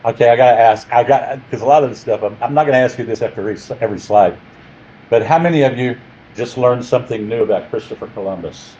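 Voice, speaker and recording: A man lecturing a class, playful and animated, stopping to quiz the room. His voice sits at a middling pitch. The recording is a little muffled, with a faint hiss. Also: quick pace. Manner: jokey, animated, quizzes the class. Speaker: teacher.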